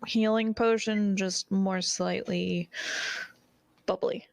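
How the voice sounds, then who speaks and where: A woman's voice: mid-range voice, steady tone, slow pace, vocal fry, a little mellow, dry recording. A woman playing in a tabletop game, speaking in an easygoing way. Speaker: player. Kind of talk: casual game chat.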